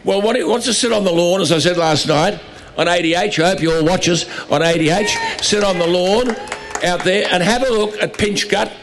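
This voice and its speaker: A man addresses an outdoor rally through a stage microphone, his voice sitting a little high for a man. He speaks with emphatic, repetitive insistence and a sarcastic edge. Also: brisk, a bit bright, a little hiss or hum. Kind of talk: outdoor protest speech.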